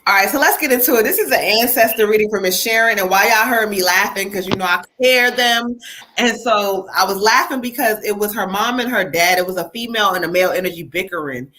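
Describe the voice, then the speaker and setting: A woman giving a live-streamed card reading from home. She talks to her viewers in a chatty, familiar way and laughs easily. Her voice is bright and forward, sitting at a middle pitch. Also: fast, slight background noise. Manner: chatty, laughs often, calls viewers child and y'all. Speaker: psychic medium host.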